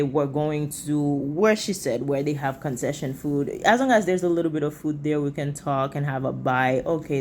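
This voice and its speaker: Woman host, low voice, lecturing reaction commentary. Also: darkish tone, slight background noise. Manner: disapproving, lecturing.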